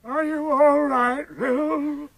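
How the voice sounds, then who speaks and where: A man voicing a muddled elderly man, slow and fussing. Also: very high voice, steady tone, a bit bright, voice pushed up, full character voice. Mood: puzzled.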